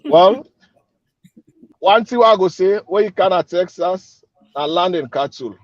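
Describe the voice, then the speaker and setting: A man's voice: high voice, lively intonation, a little slow, no room sound, dull audio. A man with a Sierra Leonean Krio accent, an event organizer giving an upbeat, persuasive interview and repeating his calls to act. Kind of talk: radio interview guest.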